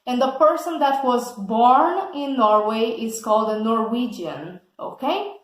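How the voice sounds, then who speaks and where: A woman teaching English vocabulary, explaining words slowly and patiently and often checking in with "okay?". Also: a little high, expressive, roomy sound, low-quality recording. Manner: slow and patient, checks understanding with a frequent "okay?".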